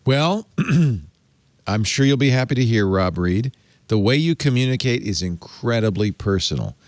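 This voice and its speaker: A man's voice: medium pitch, sing-song, measured pace, no echo. A man hosting a tech talk show, reading press text aloud and mocking it with wry asides. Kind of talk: casual panel chat.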